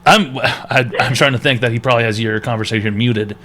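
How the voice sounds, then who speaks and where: A man's voice: mid-range voice, fairly quick, sharp tone, a little hiss or hum. A man hosting a comedy call-in advice show, rude and mocking, swearing often. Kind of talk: abrasive comedic call-in banter.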